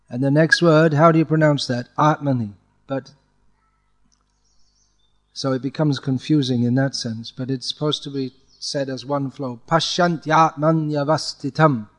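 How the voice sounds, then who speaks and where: A man teaching a student to chant Sanskrit verses, correcting pronunciation patiently and chanting lines slowly to demonstrate. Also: medium pitch. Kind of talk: one-on-one chanting lesson.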